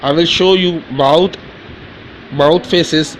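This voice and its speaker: A man teaching letter sounds in a lesson, repeating each one slowly and explaining in simple, halting English. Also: on the high side, fairly bright tone, slight background noise, low-quality recording. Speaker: Urdu teacher. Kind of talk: slow pronunciation lesson.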